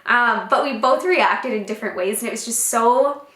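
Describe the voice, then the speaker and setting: Breathy pregnant woman telling a story. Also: on the high side, fairly bright tone. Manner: emotional, breathy pauses, many fillers. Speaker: vlogger. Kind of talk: casual storytime vlog. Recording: echoey room.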